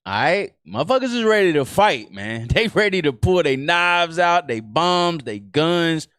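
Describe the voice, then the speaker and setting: A man's voice: on the high side, very animated, measured pace, a bit bright, no echo, clean studio sound. A man with a Southern US accent, doing casual reaction commentary in a loose, profane, rambling way with many restarts. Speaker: reaction streamer.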